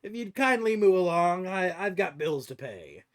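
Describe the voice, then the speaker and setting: A man doing a jolly booming dwarf ranger. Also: big pitch swings, moderate pace. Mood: jovial. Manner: jolly, booming, cackling laughter. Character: boisterous laughing dwarf ranger for hire.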